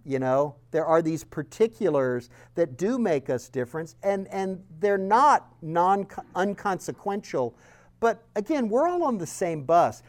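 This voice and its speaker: A man with a Southern accent giving a sermon-style teaching talk, telling stories earnestly and swinging between loud emphasis and soft, quiet lines. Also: sits high. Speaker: speaker.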